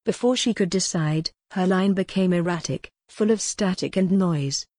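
A woman reading a gothic novel aloud as its narrator, in measured, even storytelling. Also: on the low side, no echo, clean studio sound. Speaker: audiobook narrator.

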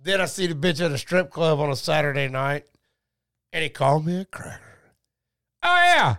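High, gravelly man in his forties. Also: normal speed, long pauses. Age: 40s. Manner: rowdy, profane, animated storyteller. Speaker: podcast guest. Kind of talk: casual storytelling.

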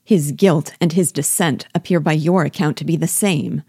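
A sharp, teasing young lady at a ball, as a woman reads her. Her voice is low and mellow, her lines pointed, the sound dry and close. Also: normal speed, no echo, close to an everyday voice. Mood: indignant.

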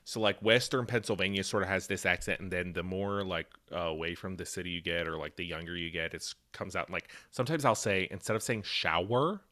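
A man co-hosting a podcast in casual chat, expressive and quick to laugh. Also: deep voice. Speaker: podcast co-host.

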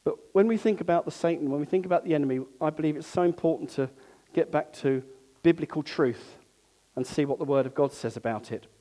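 Guy preaching, earnest and chatty, slightly high mellow voice. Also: a little fast. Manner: earnest, conversational preaching with asides to the congregation. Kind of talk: sermon.

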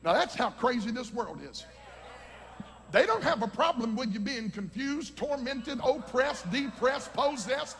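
High-voiced fervent preacher man in a hall. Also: expressive, measured pace. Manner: fervent, rising to shouts, teaching from scripture. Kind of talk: preaching a sermon. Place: large hall with a congregation. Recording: long hall reverb.

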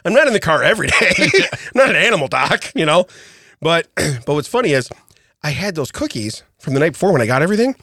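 A middle-aged podcast co-host tells a story in casual comedic chat, laughing a lot and tossing in "okay?" again and again. His voice is fairly high and fast. The sound is studio quality from a studio mic, with no room sound.

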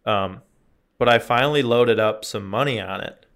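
A man's voice: medium pitch, moderate pace. A young man in casual chat, telling stories animatedly and acting out the people in them. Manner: animated storyteller, acts out beeps and quotes.

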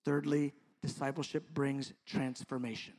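A middle-aged man preaching a sermon as pastor, impassioned and then soft and intimate by turns. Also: mid-range voice, level tone, normal speed.

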